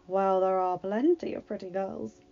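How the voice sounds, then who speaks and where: A woman's voice: medium pitch, fairly even intonation, moderate pace, lightly acted. A woman voicing a wry, teasing palace captain who gives a prince fatherly advice. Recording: dull lo-fi recording, faint music.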